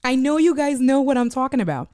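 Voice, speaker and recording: A woman's voice: high-pitched, lively intonation, fast talker, darkish tone, dry recording, clean studio sound. A woman live streamer chatting casually and rambling to her viewers, reading their chat messages aloud. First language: Spanish (bilingual).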